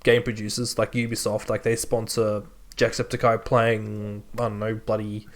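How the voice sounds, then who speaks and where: A man's voice: on the low side, completely flat delivery, moderate pace. A young man co-hosting a podcast, laid-back and joking in casual chat. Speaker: podcast co-host.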